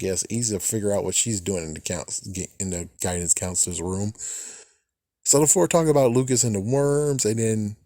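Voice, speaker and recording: In a slightly mellow voice on a dry, clean studio recording, this man casually rants about a TV episode he's a fan of, swearing and loudly ridiculing characters by mimicking their lines higher.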